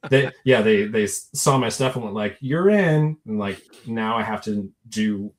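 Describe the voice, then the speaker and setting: A man's voice: fairly low pitch, steady tone, normal speed. A man talking through a video call as a guest, thoughtful and modest, with many fillers. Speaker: guest toy sculptor. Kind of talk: casual chat.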